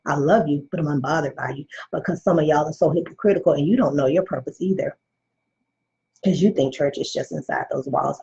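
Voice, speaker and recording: A woman's voice: sits low, a little mellow. A woman in her forties hosting a live show, telling candid stories with emphatic, preachy talk and reading viewer comments aloud. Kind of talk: candid storytelling monologue to viewers. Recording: muffled lo-fi recording.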